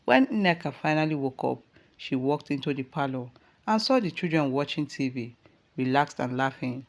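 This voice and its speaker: A woman with a Nigerian accent narrating a dramatic family story in a steady storytelling voice. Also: a bass voice, moderate pace.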